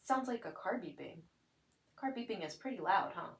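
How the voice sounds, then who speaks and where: A woman's voice: mid-range voice, normal speed. Young adult female instructor, plain explanatory delivery with playful child-directed demos, slightly distant mic. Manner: explains plainly, then acts out lively sing-song examples for a child. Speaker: demonstrator of listening and spoken language strategies. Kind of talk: instructional explanation with acted parent-child examples.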